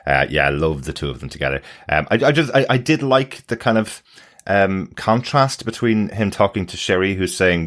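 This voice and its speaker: A British man co-hosting a podcast, his voice low and deep. He chats with easy enthusiasm and leans into agreement. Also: animated, fairly bright tone. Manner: enthusiastic, agreeable, quick to say absolutely. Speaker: podcast co-host. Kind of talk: casual chat.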